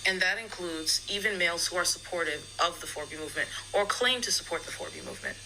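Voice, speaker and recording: A woman's voice: fairly low pitch, quick pace, sharp tone, rough recording. A woman explaining a set of principles in a firm, matter-of-fact monologue.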